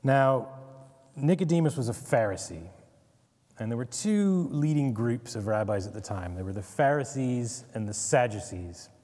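A Bible teacher gives a casual, conversational Bible study lecture, full of wry asides and frequent "right?" checks. His mid-range, dark-toned voice has lively intonation and a moderate pace, with a big-room sound.

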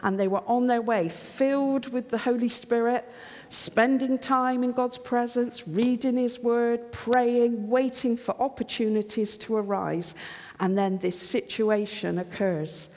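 A woman preaching a sermon, retelling a Bible story as a lively storyteller who acts out the dialogue. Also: on the high side, a little slow. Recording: long hall reverb.

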